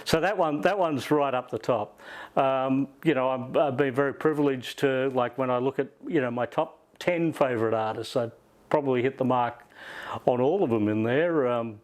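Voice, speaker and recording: A man's voice: mid-range voice, normal speed. Australian man, middle-aged, interview guest; earnest, filler-heavy delivery. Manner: frequent "uh" and "you know" fillers, earnest. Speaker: interview guest, music journalist. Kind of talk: reflective interview answers.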